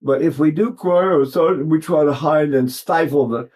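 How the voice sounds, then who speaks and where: An elderly man in his eighties talks through a singing lesson in a loose, wandering way. His speaking voice sits somewhat high for a man. He keeps circling back and pausing to show what he means with his own voice. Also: darkish tone. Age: 80s. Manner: rambling, digressive, breaks off to demonstrate sounds. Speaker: voice teacher. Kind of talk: informal vocal lesson talk.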